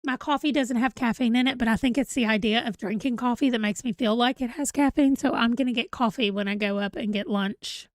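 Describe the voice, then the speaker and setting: A woman's voice: on the high side, brisk, few pauses, no room sound, clean studio sound. A woman, chatting casually on a livestream, rambling and reading out viewer comments while a bit tired and yawning. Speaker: livestream host.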